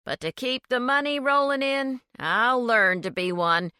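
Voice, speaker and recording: A woman's voice: a little high, expressive, measured pace, bright, forceful tone, clear, resonant tone, no room sound, clean studio sound, pitched above the performer's own voice. Woman reading as a cold, menacing male criminal. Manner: curt, menacing, emotionless.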